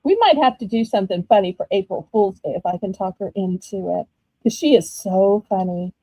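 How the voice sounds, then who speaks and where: A woman with a Southern US accent, chatting casually while running a live-stream auction, animated and full of ums. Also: medium pitch, brisk, no room sound, poor audio.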